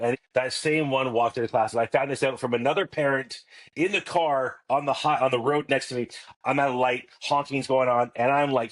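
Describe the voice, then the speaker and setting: A man's voice: medium pitch, fairly even intonation, fairly quick. A man in his forties, a podcast guest, telling family stories with comic timing and acting out the dialogue. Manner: anecdotal, comic, acts out dialogue. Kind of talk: casual storytelling chat.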